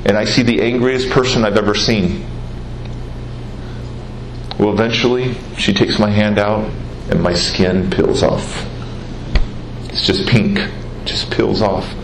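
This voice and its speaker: A man giving an earnest personal testimony speech, telling his story with dramatic pauses and repetition. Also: on the low side, steady tone. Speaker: public speaker. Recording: roomy hall, faint noise.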